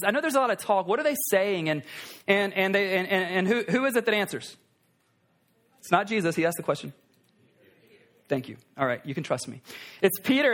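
A man preaching a sermon, conversational and animated, with asides to the congregation. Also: high voice. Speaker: pastor.

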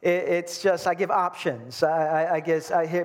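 A man's voice: on the high side, steady tone, moderate pace. A male pastor from Brooklyn preaching a sermon, telling stories animatedly and acting out scenes with humor. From Brooklyn, New York.

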